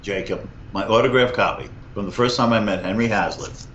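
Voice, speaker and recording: A man in his sixties, a guest professor, telling historical anecdotes in an animated conversational interview. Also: fairly low pitch, fairly quick, slight background noise. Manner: animated anecdote teller, lively vocal emphasis. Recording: echoey, slightly muffled room.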